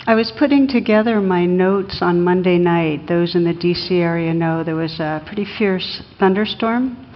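A woman's voice: lowish voice, normal speed, few pauses. A woman meditation teacher giving a class talk, reflective, with light humor and small hesitations. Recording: lo-fi recording in a reverberant hall.

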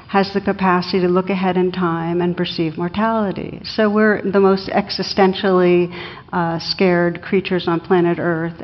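Woman meditation teacher, lowish voice, thoughtful with light humor, long hall reverb. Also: highs cut off. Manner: reflective, with light humor and small hesitations. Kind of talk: meditation class talk.

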